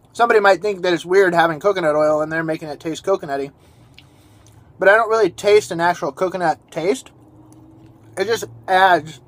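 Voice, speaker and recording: A man casually talking to the camera while eating in his van, relaxed and chatty, sometimes with his mouth full. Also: sits high, dry recording. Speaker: van life vlogger. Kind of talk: casual vlog talk to camera. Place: inside a van.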